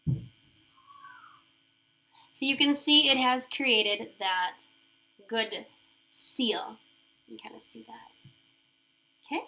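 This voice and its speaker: A chatty, upbeat woman walks through a nail wrap tutorial, talking as she works. Her voice sits high. It has a bright, forward ring. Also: slow, creaky, pauses often. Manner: chatty, upbeat, thinks aloud while working. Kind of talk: casual how-to demonstration.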